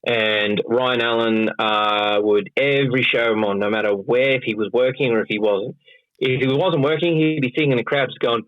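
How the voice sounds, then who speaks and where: A man with an Australian accent, a pro wrestler, telling stories in a loose, animated way and swearing freely. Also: mid-range voice, normal speed, no echo. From Western Australia. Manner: animated, acts out quoted voices, swears freely. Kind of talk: casual storytelling. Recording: dull lo-fi sound.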